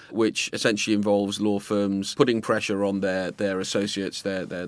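Low-pitched male journalist, measured and deliberate, dry studio sound. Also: no room sound. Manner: measured, restarts phrases. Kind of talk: casual discussion.

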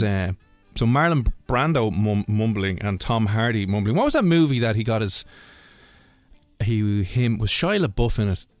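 A man's voice: mid-range voice, no echo. A man hosting a radio show, chatting casually in a rambling, jokey way. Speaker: radio host.

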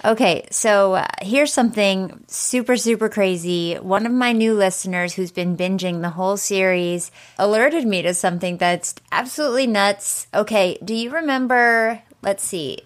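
A woman in her thirties hosting a comic podcast, chatty, upbeat and confiding. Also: mid-range voice. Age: 30s. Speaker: podcast host.

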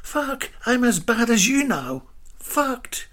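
A man voicing a playful, bold young woman who giggles and shrieks, with a breathy, raspy voice. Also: extremely high pitch, big pitch swings, slow pace, fairly bright tone, voice pushed up, heavily acted. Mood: shrill.

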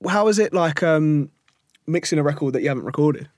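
Hesitant male host, slightly high, dry. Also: fairly quick, dry recording. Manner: relaxed, hesitant with many ums and likes. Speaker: podcast host. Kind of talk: casual interview chat.

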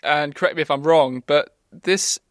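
Woman interviewer, very deep voice, short encouraging replies, dry close sound. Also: moderate pace, no echo. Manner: brief encouraging interjections and questions. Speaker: interviewer host. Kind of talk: casual interview chat.

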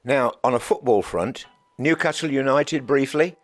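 A man's voice: mid-range voice, normal speed, dry recording. An older man interviewing his guest, prompting him with questions and shared memories in a friendly way.

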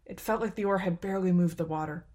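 A woman narrating a story in a calm, unhurried, even way. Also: on the low side. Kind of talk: scripted narration.

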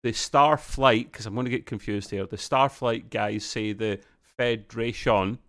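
A man's voice: on the low side, fairly even intonation, unhurried, fairly bright tone. Chatty man reviewing a show. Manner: rambling, chatty, with frequent restarts. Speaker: podcast co-host. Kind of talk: casual TV review chat.

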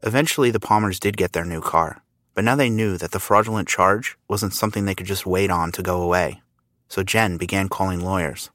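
A man's voice: sits low, a little fast, a bit bright. A man giving scripted, matter-of-fact narration of a story.

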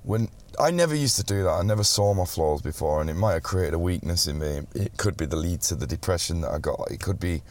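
This pop singer, a young man guesting on an interview, speaks quickly in a deep voice with few pauses. Swearing freely, he tells stories with animation and loudly performs the quotes in casual chat.

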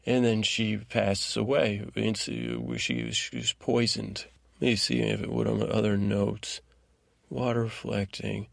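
This man's gravelly, fairly low voice moves a little slowly as he hosts a sleep podcast. His bedtime recap wanders off course in a rambling, digressive way, often trailing off. The sound is clean studio audio with no room sound.

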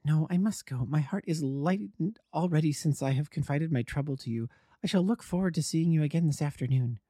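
A man's voice: on the high side, brisk, dark tone, no echo, studio quality, voice pushed up, natural voice. A man reading aloud, voicing a frightened young woman who speaks earnestly and formally. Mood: relieved.

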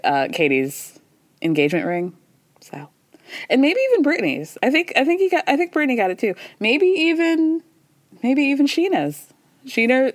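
A woman hosting a podcast, casually recapping a reality show in a gossipy, animated way, laughing often and quoting people in quick little voices. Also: lowish voice, no room sound.

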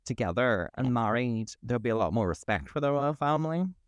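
A man's voice: mid-range voice, brisk, no echo. Sweary man ranting. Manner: sweary, ranting, animated storytelling. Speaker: podcast co-host. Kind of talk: casual chat.

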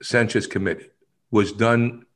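A man, an actor, telling stories in a casual interview, animated, often laughing and acting out other people's lines. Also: fairly low pitch, a little slow, a little hiss or hum.

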